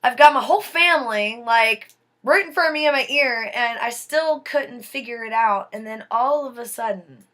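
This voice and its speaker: A woman telling her own life story in a casual, dramatic way, slow and deliberate, dropping to a hush at tense moments. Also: fairly high pitch.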